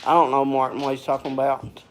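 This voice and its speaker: A man hosts a live stream of casual chat, rambling in a folksy, repetitive way and sometimes getting worked up before calming again. He talks fast in a mid-range voice, with a little hiss or hum in the recording.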